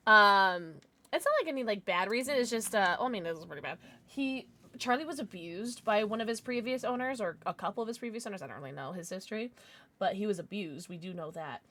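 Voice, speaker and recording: A woman's voice: mid-range voice, animated, fairly quick, bright, forceful tone. A woman streaming live, chatting casually with viewers and cooing over her pets. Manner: bubbly, coos over her pets, laughs often. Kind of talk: casual livestream chat.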